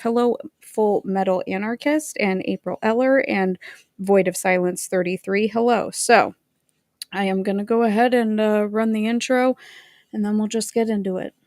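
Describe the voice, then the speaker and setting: Chatty female stream host, mid-pitched, dry close sound; rambles, reads documents aloud. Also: darkish tone, dry recording. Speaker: livestream host. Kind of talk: casual livestream chat and reading aloud.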